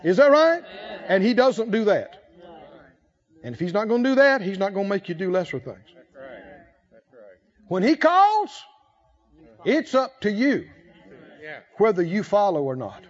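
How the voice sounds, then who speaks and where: A man's voice: high voice, sing-song, a little slow, pauses often. A man preaching a sermon with emphatic calls for the congregation to answer back. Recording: slightly muffled recording.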